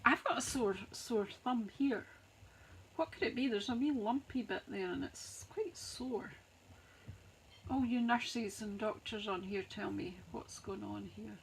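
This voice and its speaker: A woman's voice: medium pitch, measured pace, vocal fry, slight background noise, low-quality recording. A woman hosting a live craft stream, chatting to viewers as she rattles off sale prices like an auctioneer. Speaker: craft demonstrator, host. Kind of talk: live-stream product walkthrough.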